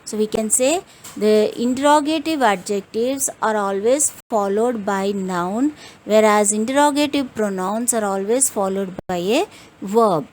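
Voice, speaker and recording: Slow, deliberate woman teaching grammar. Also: medium pitch, darkish tone, slight background noise, low-quality recording. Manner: slow, deliberate explaining, reading out example sentences. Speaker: English teacher. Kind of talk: recorded grammar lesson.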